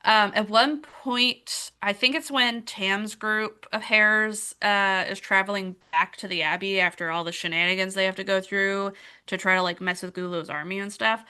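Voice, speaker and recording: Woman co-host, bright smooth tone, hesitant casual chat. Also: mid-range voice, steady tone, moderate pace. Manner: hesitant, filler-heavy. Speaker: podcast co-host.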